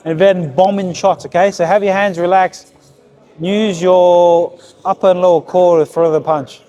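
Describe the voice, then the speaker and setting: A man's voice: high voice, fairly even intonation, a little slow, mellow, dull audio. A man coaching a young boxer at a heavy bag, giving short, repeated, encouraging cues. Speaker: boxing coach. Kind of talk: hands-on coaching session. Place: boxing gym with heavy bag.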